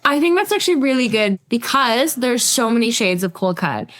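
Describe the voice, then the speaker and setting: A woman's voice: fairly high pitch, big pitch swings, normal speed, a bit bright. A woman guest on a podcast, telling funny stories in a giggly, silly riffing way. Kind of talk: casual interview chat.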